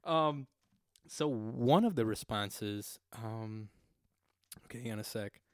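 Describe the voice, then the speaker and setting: A man's voice: fairly low pitch, slow pace, clear, resonant tone, no room sound. A young man co-hosting a casual podcast, swearing freely and acting out quoted voices as he tells stories. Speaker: podcast co-host.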